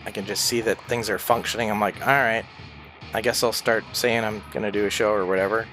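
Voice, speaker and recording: A man's voice: on the low side, flat delivery, fairly quick, fairly bright tone, faint music behind. A man telling a rambling, conspiratorial story in a casual livestream while gaming, swearing freely as he goes. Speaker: streamer.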